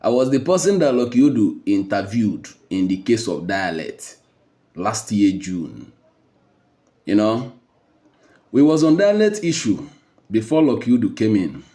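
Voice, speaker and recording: Deep, mellow Nigerian man recounting. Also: very animated. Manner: measured, hesitant, with fillers. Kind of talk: recounting a personal story.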